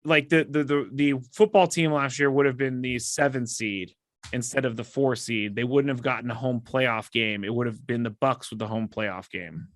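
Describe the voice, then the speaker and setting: A man's voice: mid-range voice, steady tone, moderate pace, no echo. A man co-hosting a podcast, chatting casually about football and explaining his points at length. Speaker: podcast co-host leading the segment. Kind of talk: casual sports chat.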